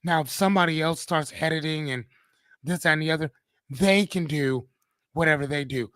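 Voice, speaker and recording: A man's voice: on the high side, normal speed, fairly bright tone, no echo. A man hosting a live-streamed motivational talk, speaking casually, swearing freely and often checking in with "right?". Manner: casual, profane, keeps asking "right?".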